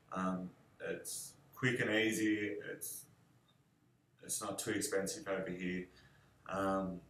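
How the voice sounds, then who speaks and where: A young man answering questions about his fiancée in a relaxed, rambling way, with many fillers. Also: deep voice. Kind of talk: casual video answers. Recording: echoey room.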